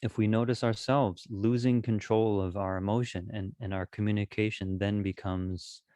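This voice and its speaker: A man teaching a Buddhist talk on communication, calm and gentle, with frequent restarts. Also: fairly low pitch, normal speed, dry recording, clean studio sound. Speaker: dharma teacher.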